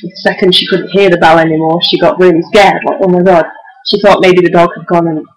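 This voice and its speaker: A woman's voice: lowish voice, rough recording. A young woman vlogging, telling a story in a chatty, giggly way full of "like" and restarts. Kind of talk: casual storytelling to camera.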